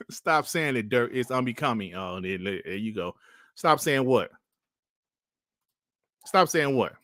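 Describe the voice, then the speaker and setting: A man's voice: medium pitch, lively intonation, takes it slowly, pauses often, a bit bright, no room sound, studio quality. A man hosting a casual live stream, laughing often and trash-talking with plenty of swearing. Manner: laughing, profane trash talk.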